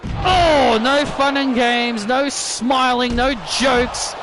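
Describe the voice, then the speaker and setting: A man doing excitable play-by-play wrestling commentary over a video game, repeating himself and bursting into shouts. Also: very high-pitched, slow pace, background noise.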